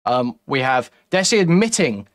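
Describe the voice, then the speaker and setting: A man hosting a heated online debate, talking fast, mocking and interrupting his opponent. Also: medium pitch, big pitch swings. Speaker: streamer host.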